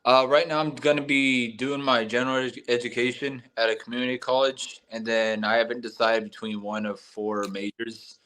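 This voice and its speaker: A polite young man answers questions as a fan on a video call, his pitch in a middle range. He keeps his answers brief and matter-of-fact. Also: flat delivery, moderate pace, few pauses, a bit bright, rough recording. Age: young adult. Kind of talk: casual conversation.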